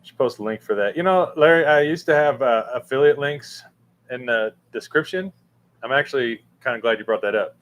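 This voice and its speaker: A man's voice: mid-range voice, fairly bright tone. Rambling man chatting on a livestream. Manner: rambling, halting with many fillers and restarts. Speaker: livestream host answering chat. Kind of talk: casual live chat. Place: room with a fan running.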